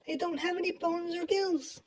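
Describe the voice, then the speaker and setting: A man's voice: fairly even intonation, normal speed. A man voicing a kind, patient female schoolteacher in a children's storybook read-aloud. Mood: teacherly. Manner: explaining gently, high falsetto.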